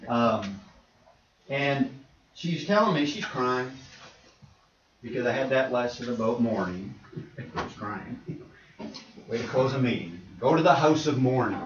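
Emphatic preacher in an echoey church. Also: male voice, mid-range voice, slight background noise. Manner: emphatic, swings between quiet asides and forceful exhortation. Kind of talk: sermon. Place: church sanctuary. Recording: echoey church room, distant mic, dull lo-fi.

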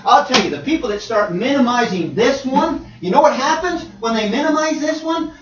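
Animated preacher in an echoey hall. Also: male voice, high-pitched. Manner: animated, swings from loud to near-whisper, conversational asides. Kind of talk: sermon. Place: church hall. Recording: dull, roomy, distant church hall.

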